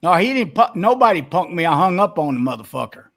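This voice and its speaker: A man's voice: high-pitched, big pitch swings, quick pace, creaky. An older man and former wrestler, arguing heatedly as an interview guest, swearing and cutting in again and again. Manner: profane, indignant, cuts in repeatedly. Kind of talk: heated argument.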